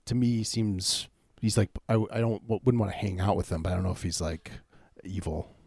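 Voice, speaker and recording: A man co-hosting a casual comedy podcast, talking in a halting way as he builds dark, absurd details. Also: sits low, creaky, a little hiss or hum. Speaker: podcast co-host. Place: home, remote call.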